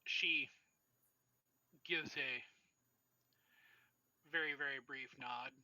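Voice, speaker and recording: A man's voice: medium pitch, fairly even intonation, very slow, bright, forceful tone, no echo, rough recording. A man running a tabletop game as its game master, narrating loosely with lots of fillers and restarts.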